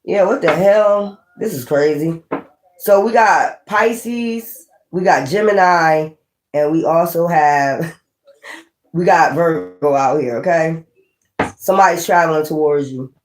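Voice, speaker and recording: A woman's voice: deep voice, darkish tone. A woman giving a blunt, chatty tarot reading. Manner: blunt and chatty, with swearing and laughs. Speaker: tarot reader. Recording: echoey room.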